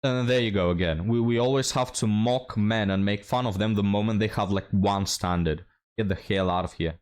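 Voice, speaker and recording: A man's voice: fairly low pitch, normal speed, darkish tone. A man hosting a reaction commentary, talking bluntly and mockingly with a lot of swearing. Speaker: commentary host.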